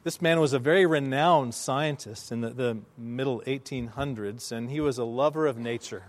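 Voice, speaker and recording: A man preaching a sermon, telling a story with slow, emphatic phrasing and dramatic pauses. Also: mid-range voice. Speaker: pastor.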